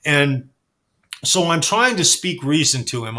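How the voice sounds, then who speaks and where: A man telling backstage stories in a casual chat, animated and swearing freely. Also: fairly high pitch, a little slow. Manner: animated, acts out quoted dialogue, swears freely. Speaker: guest storyteller.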